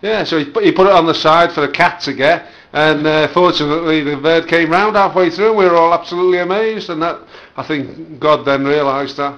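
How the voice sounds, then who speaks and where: A man plays interviewer after an amateur football match, with a deadpan, mock-serious delivery. His voice sits a little high, and the recording is dull and lo-fi. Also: fairly quick, few pauses. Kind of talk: jokey post-match interview.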